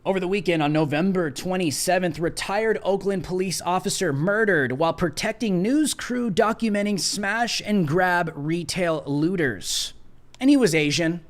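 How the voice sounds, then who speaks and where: A man's voice: high-pitched, normal speed. Emphatic, sarcastic male political host. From United States. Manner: emphatic, sarcastic, reads news article aloud. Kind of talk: livestream political commentary.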